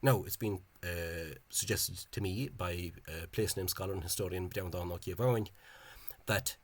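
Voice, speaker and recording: A man's voice: deep voice, moderate pace, slightly rough. A man giving an informal, digressive explanation in a video, thinking aloud in a scholarly way. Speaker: Irish-language spelling enthusiast.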